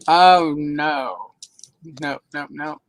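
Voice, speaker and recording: A woman's voice: deep voice, steady tone, extremely slow, low-quality recording. Chatty self-deprecating woman from the South. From American South. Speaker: host of a live audio stream. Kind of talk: casual chat.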